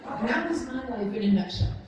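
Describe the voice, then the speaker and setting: A woman's voice: fairly high pitch, expressive, a little fast, crowd noise. A woman in her sixties telling funny stories to an audience as a speaker at a ceremony, chatty and self-mocking, often laughing as she talks. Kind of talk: anecdotal speech to an audience. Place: large event hall. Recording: echoey hall, from far off.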